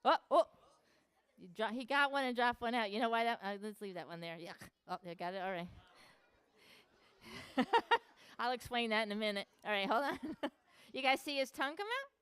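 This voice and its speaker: A woman's voice: fairly high pitch, lively intonation, brisk, fairly bright tone, smooth. A woman animal educator leading a playful live show for children, asking the kids lots of questions as she presents animals in a public hall.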